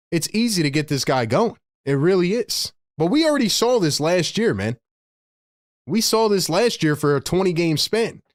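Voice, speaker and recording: High-voiced excitable male play-by-play host. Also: dry recording, studio quality. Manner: excitable and casual, slangy, bursts into laughter. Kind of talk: live play-by-play commentary.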